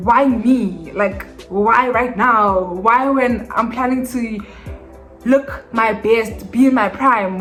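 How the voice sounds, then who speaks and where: A woman's voice: fairly high pitch, a bit bright. A young woman telling a storytime vlog, chatty and emotional, with many fillers. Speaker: skincare vlogger.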